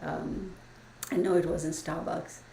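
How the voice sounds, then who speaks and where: A woman's voice: low-pitched, fairly even intonation, slow pace, vocal fry, mellow, far from the mic. A woman hosting a casual livestream, telling stories in a chatty way, laughing often and saying y'all. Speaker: channel host. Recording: echoey room from off-mic, faint hiss.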